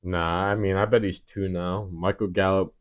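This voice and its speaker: A man with a very deep voice co-hosts a joking football podcast. He teases the others and laughs often. His audio sounds dull and lo-fi. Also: little pitch movement, moderate pace, a crowd in the background. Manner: laughs a lot, teasing. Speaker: podcast co-host. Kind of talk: casual sports chat.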